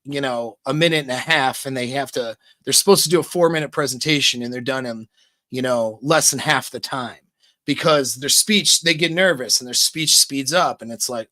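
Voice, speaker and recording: Guy coaching ya on your voice, bright and kinda high, chill chatty tone, dry close sound. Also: no room sound. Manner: relaxed, conversational, slows down to demonstrate. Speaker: dating and voice coach. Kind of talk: casual advice talk.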